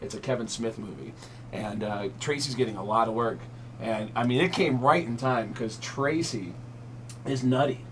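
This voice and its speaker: A man's voice: mid-range voice, normal speed, fairly bright tone, slight background noise. A man in his thirties, a comedian being interviewed on radio, telling stories in a chatty, breezy way with lots of fillers. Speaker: comedian guest.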